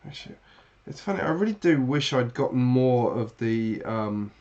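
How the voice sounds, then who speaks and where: A man's voice: mid-range voice, lively intonation, moderate pace, darkish tone, dull audio. British man, channel host, loose and chatty live-stream talker, mid-range voice, wanders through his sentences. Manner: chatty, rambling, many fillers and restarts. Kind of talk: casual live-stream chat while building.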